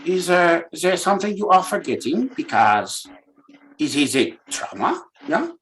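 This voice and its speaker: Man putting on a therapist, coaxing, soft, quirky, lively pitch. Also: a little hiss or hum, exaggerated voice, low-quality recording. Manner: slow, coaxing therapist patter. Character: mock German male therapist, soothing and odd.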